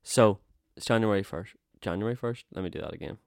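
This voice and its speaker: A man's voice: fairly low pitch, brisk, no echo, studio quality. A young man hosting a casual podcast chat, swearing freely and laughing often. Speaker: podcast host.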